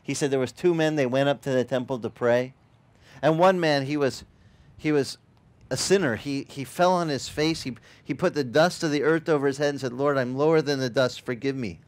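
A man preaching a sermon as pastor, animated and acting out the voices of the people he quotes. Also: medium pitch, brisk. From Sicilian family background. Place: outdoor beach service.

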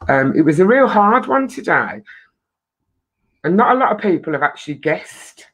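A woman's voice: fairly low pitch, big pitch swings, normal speed, fairly bright tone, breathy edge. A woman with an English accent hosting a casual live-stream chat, talkative and emotional. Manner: chatty, emotional, swears lightly. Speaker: host.

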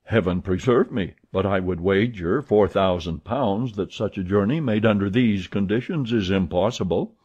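Guy reading worked-up gentleman at cards, insistent, husky, muffled lo-fi audio. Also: lowish voice, moderate pace, hardly any pauses. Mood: agitated. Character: excitable, easily annoyed gentleman card player. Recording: dull lo-fi recording.

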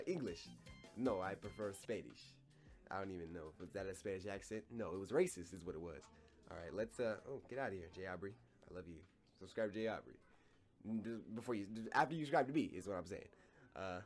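Rambling young man gaming on camera, lively pitch. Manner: joking, rambling, talks to viewers as his children. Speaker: gaming YouTuber. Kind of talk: casual gameplay commentary.

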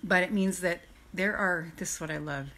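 A woman coach talks into her webcam on a live stream, bubbly and breathless, often laughing. Her voice is bright and forward. She speaks with eager excitement. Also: on the low side, normal speed. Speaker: emotional freedom coach.

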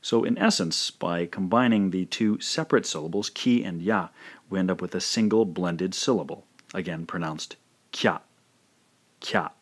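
Man slowly drilling syllables. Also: deep voice. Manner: slow, careful syllable-by-syllable pronunciation drills. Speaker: language teacher. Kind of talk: scripted instructional narration.

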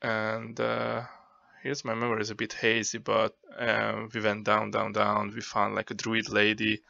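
A man's voice: fairly low pitch, monotone, measured pace, creaky, pushed and bright, highs cut off. A man playing in a tabletop game who recaps past events in a rambling, casual way, full of fillers. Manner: rambling, loose, with many fillers. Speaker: player.

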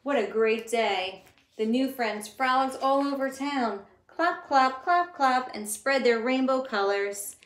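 A woman teacher reading a picture book aloud in a gentle, expressive way, talking to her listeners as she goes. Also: on the high side, a little slow. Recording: echoey room with faint noise.

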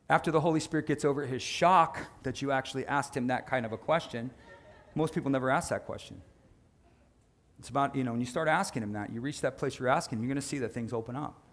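Animated male pastor preaching. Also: mid-range voice. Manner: animated, conversational preaching with quick asides. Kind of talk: sermon.

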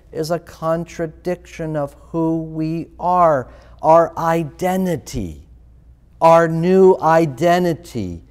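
Slow, emphatic pastor in a reverberant church. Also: male voice, a little high, darkish tone. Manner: emphatic, repeats rhetorical questions. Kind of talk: sermon. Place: church sanctuary. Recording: long reverb of a church hall.

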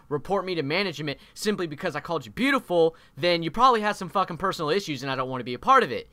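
A young man narrating an animated storytime video in an exaggerated, swearing, animated way. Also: on the high side, no room sound. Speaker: YouTube storyteller.

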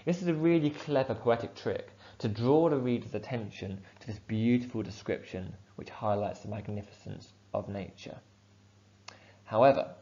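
A male teacher giving a measured, clear explanation of a poem, with the odd filler. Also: on the low side, warm tone. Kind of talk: poetry analysis lesson. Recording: dull lo-fi sound.

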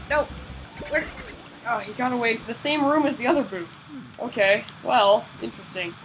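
A woman's voice: on the high side, moderate pace, noisy background. A woman giving casual, chatty gameplay commentary, often self-mocking and urging herself on. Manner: chatty, self-mocking, repeats "come on" under pressure. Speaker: video game let's-player.

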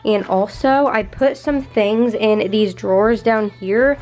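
A woman's voice: mid-range voice, slow pace. A young woman vlogging at home in her bedroom, chatty and gushing, with lots of "like" in her speech. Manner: gushing and excitable, heavy use of "like". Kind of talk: casual vlog chat.

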